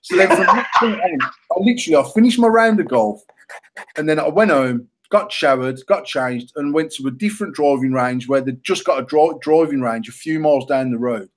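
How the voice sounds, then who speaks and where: A man's voice: a little high, moderate pace. Swearing British man telling stories. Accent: British English. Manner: heavy swearing, animated and self-mocking. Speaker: podcast co-host. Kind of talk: casual storytelling chat.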